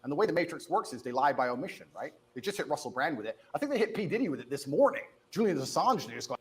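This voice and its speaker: A man's voice: on the high side, big pitch swings. A man in his thirties answering interview questions in an assertive, defiant way. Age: 30s. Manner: assertive, defiant, quick-talking. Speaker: interview guest.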